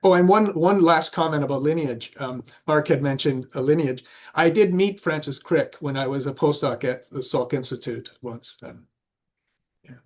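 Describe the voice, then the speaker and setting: A man, a faculty researcher, reflecting on his career on a university panel in a halting way with many restarts. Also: on the high side. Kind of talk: panel discussion.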